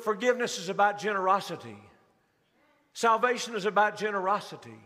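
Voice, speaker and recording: A man preaching a sermon in a large church, his voice high and bright. He swings between quick bursts and slow, drawn-out stressed words. The sound carries a long hall reverb. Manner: preaching with rising emphasis and slowed, stressed phrases. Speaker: pastor.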